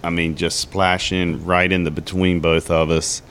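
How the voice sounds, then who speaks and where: A man's voice: low voice, little pitch movement, a little slow, a bit bright, a little hiss or hum. A middle-aged man, a guest in a casual chat, telling easygoing anecdotes with laughs.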